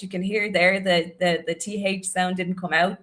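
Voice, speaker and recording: A woman's voice: lowish voice, fairly even intonation, normal speed, hardly any pauses, fairly bright tone. An Irish woman, an English teacher, explaining pronunciation in an online lesson, repeating words and often checking with okay. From Ireland.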